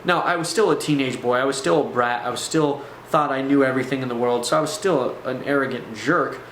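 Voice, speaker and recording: A man's voice: medium pitch, quick pace, fairly bright tone, slight background noise. A man telling a personal spiritual testimony to camera, earnest and intense, often restarting his sentences. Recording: echoey room.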